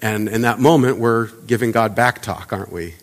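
A pastor giving a sermon in a conversational way, asking the congregation rhetorical questions and acting out little everyday asides. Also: male voice, lowish voice, moderate pace. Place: church sanctuary. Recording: long church reverb.

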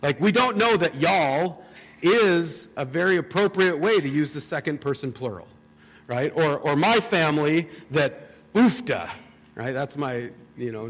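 A pastor with a Midwestern US accent gives a conversational sermon and reads scripture, his medium-pitched voice slightly bright. He often repeats words as he restarts his sentences, and long hall reverb surrounds the recording.

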